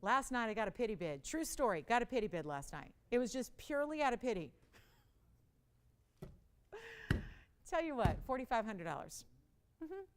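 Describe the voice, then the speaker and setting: A woman's voice: on the high side, big pitch swings, moderate pace, pauses often, slight background noise. A woman hosting a live television jewelry auction, chatty and self-mocking, with dramatic pleas for bids and frequent laughs. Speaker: live shopping host.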